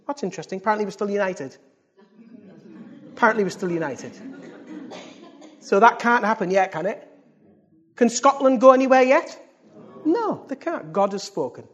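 A man preaching to his congregation with a fairly high voice. He swings from loud, rising calls to quiet, hushed asides, and he keeps throwing questions out to the room. The delivery is lively and direct. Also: normal speed, long pauses. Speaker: pastor. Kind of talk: sermon. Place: church service.

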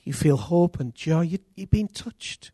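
A man preaching a sermon as pastor, earnest and intimate, with sudden loud rises. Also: fairly high pitch, expressive, a little slow, slightly rough, no room sound, studio quality.

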